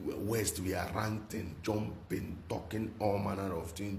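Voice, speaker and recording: Deep-voiced man preaching commentary. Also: steady tone, measured pace, vocal fry, few pauses, a little mellow. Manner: repetitive, emphatic, rhetorical questions. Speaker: commentary channel host. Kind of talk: preaching-style political commentary. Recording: echoey room with faint noise.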